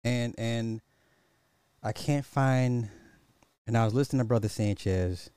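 A man's voice: medium pitch, measured pace, warm tone, clear, resonant tone, dry recording. A man hosting a casual social commentary podcast, repeating rhetorical questions in a mocking tone and chuckling now and then. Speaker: podcast host.

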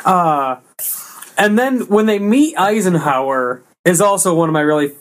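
A man with a notably high voice talks through a movie in a loose, casual chat. He rambles, stops and restarts his sentences, and acts out lines from the scenes as he recaps them. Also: expressive, measured pace, a bit bright.

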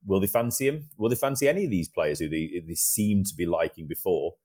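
A man's voice: sits low, lively intonation, a little fast, darkish tone. A man co-hosting a cricket podcast, reflecting in casual chat and drawing on his own playing experience. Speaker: podcast co-host.

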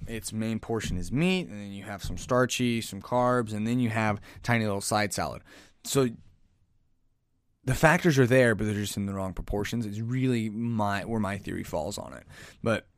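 This podcast host, a man pitched fairly low, delivers a loose, meandering commentary on his own, peppered with sighs, false starts and self-corrections. He claims to be aggressive and in your face. Recorded at studio quality, there's no room sound.

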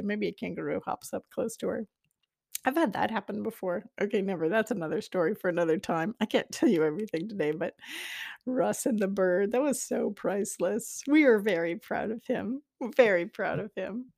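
A woman talks through her podcast in a loose, rambling way, laughing often and speaking straight to the listener. Her voice sits low with a gravelly edge. The sound is close and dry, with no room around it. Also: no echo. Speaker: podcast host, psychic teacher. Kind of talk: casual monologue.

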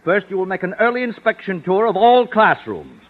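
An actor playing a pompous, stern school official in a 1950s radio sitcom. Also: male voice, high-pitched, lively intonation, a little fast. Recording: muffled old radio broadcast.

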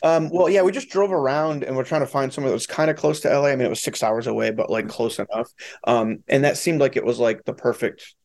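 Brief: gravelly young male director, quick and rambling, swears freely. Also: medium pitch, a little mellow. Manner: rambling, profane, lots of fillers. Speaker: film director and writer. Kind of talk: casual interview talk.

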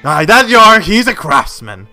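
A man's voice: sits high, sing-song, normal speed, gravelly, pushed and bright, soft background music, pitched above the performer's own voice, exaggerated voice. A man voicing an eccentric old male appraiser who hums, ponders aloud and calls people "my boy". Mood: fussy. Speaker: non-player character.

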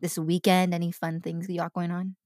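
A woman's voice: on the low side, flat delivery, a little fast, a little mellow. A young woman co-hosting a podcast, bubbly and teasing, laughing often. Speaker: podcast co-host. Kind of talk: casual chat.

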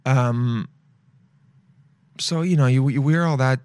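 A sniffly young man from Los Angeles talks in a loose, rambling way, swearing often and calling everyone "dude." His voice sits at an ordinary middle pitch. The sound is dry and close, with no room around it. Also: slow pace, darkish tone, smooth, dry recording. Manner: rambling, swears freely, calls listeners "dude". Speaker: podcast host. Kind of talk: casual solo chat.

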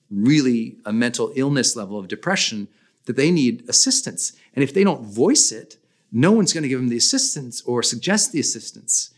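A man hosting a podcast, giving motivational talk with emphatic stress that jumps up on key points. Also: medium pitch. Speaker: podcast host.

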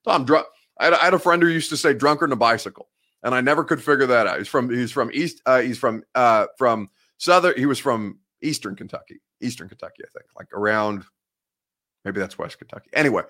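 A man's voice: medium pitch, fairly quick, sharp tone. A man hosting a live sports talk show, chatting casually, rambling and correcting himself as he goes. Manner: rambling, self-correcting, joking. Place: home studio.

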